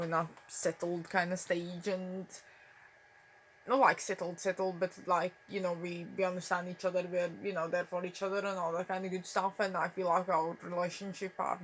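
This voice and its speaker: Mumbling young woman, low voice. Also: a bit bright, a little hiss or hum. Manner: mumbling, rambling with many fillers. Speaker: vlogger. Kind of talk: casual talk to camera. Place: at home, indoors.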